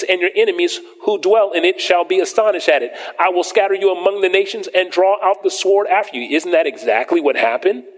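A man preaching a sermon to a congregation, reading scripture slowly and emphatically and asking the listeners questions. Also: high voice. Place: church sanctuary with congregation. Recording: long hall reverb.

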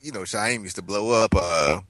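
A man's voice: fairly low pitch, normal speed, a bit bright, no room sound. A man on a podcast joining the banter with playful jokes. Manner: joking, playful. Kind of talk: casual chat.

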